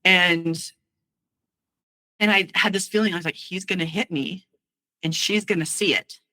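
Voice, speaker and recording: A woman with a bright, forceful voice recounts a painful memory in halting, emotional bursts. She restarts her sentences often as she goes back over the night. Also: fairly low pitch, fairly even intonation, poor audio. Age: adult. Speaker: guest sharing her story. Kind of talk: personal storytelling.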